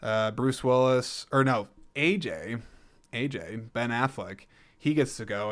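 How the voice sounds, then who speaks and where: A young man talks alone in a relaxed, rambling way, cracking jokes and backing up to fix his own words mid-sentence. His voice is smooth and clean, sitting at an ordinary middle pitch. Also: measured pace. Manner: rambling, jokey, self-correcting. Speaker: podcast host reviewing films. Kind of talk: casual solo film review podcast.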